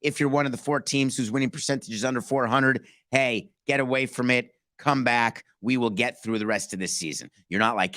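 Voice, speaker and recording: Man, sports talk host, emphatic, rhetorical questions, sharp bright tone, dry sound. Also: medium pitch, normal speed, dry recording. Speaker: podcast host.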